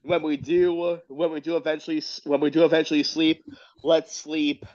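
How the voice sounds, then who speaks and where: A man's voice: fairly high pitch, level tone, normal speed, darkish tone, no room sound. Joking man on a dull call line. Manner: joking, swearing, laughing. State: sick. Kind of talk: casual online group chat. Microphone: video call.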